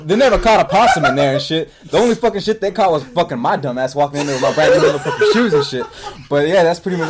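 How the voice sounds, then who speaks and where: Fast-talking profane young man. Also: medium pitch, a little hiss or hum. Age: 20s. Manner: profane, rambling, swears constantly. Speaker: podcast co-host telling a story. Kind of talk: casual storytelling.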